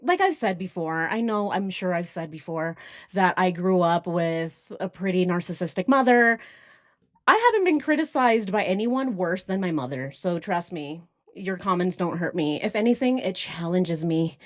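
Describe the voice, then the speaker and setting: A woman's voice: fairly low pitch, sing-song, moderate pace, no echo, studio quality. A woman hosting a casual true crime livestream, rambling off on tangents and now and then putting on mocking voices.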